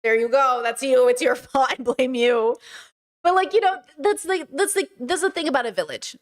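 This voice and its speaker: A young woman hosting a live stream, chatting casually and telling family stories with lively acted-out quotes. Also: high-pitched, moderate pace. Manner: animated storyteller, acts out family members' lines. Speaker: streamer host.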